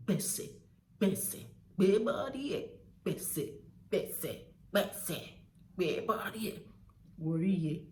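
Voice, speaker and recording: A woman's voice: fairly low pitch, darkish tone, roomy sound, recorded from a distance, a little hiss or hum. A woman with a Nigerian accent explaining slang in a casual vlog, acting out phrases by drawing them out with emphasis. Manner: drawn-out, emphatic demonstrations of phrases. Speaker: vlogger teaching slang.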